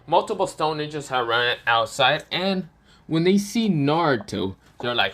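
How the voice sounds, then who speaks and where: Guy rambling thru a made-up story, kinda high voice, lots of uh and well what's it called, swears a bunch. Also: lively intonation, unhurried, a bit bright. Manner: rambling, profane, full of fillers and self-corrections. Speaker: fan storyteller. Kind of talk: casual improvised storytelling.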